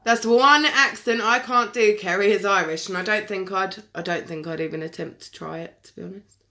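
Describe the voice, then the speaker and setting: Speaking fairly quickly at a medium pitch, this woman has a bright, forceful tone. She's doing her makeup live, talking casually with viewers and replying to their comments by name, picked up by a phone or webcam mic.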